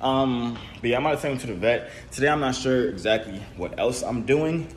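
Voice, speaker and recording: Young male vlogger, relaxed rambling delivery, faint room noise. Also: brisk. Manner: laid-back, rambling, talks to his cat in high coaxing tones. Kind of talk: casual vlog chat. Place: at home, then in a car.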